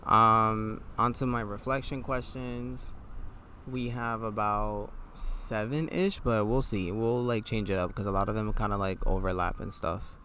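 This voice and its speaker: A tired man with a nasal voice, hosting a podcast. He talks in a casual, reflective monologue and reads affirmations aloud in a low, laid-back way. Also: steady tone, unhurried, bright, forceful tone, slight background noise. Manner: low, laid-back delivery with mild swearing. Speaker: podcast host.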